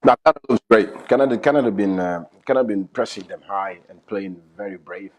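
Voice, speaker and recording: A man's voice: fairly low pitch, fairly quick, poor audio. A man who coaches soccer, analyzing a live match in casual talk, earnest and often repeating or restarting his phrases. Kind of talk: live match commentary chat.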